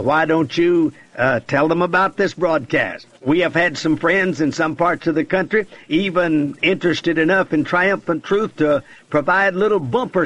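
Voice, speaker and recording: A man's voice: fairly high pitch, a bit bright. A man preaching a radio sermon in an oratorical, emphatic way, piling up lists of words. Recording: dull lo-fi radio broadcast.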